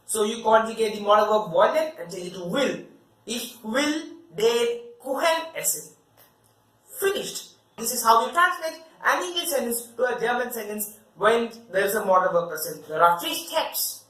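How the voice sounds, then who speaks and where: A woman's voice: a little high, a bit bright, distant mic. Woman teaching German in an echoey room. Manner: slow, deliberate German examples between plain explanations. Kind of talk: language lesson explanation. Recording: echoey room, voice away from the mic.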